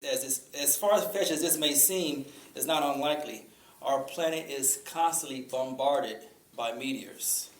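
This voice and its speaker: A man giving an informal talk to a group, conversational, pausing often with fillers. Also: medium pitch. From Chicago. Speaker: speaker. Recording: echoey room with faint ambient noise.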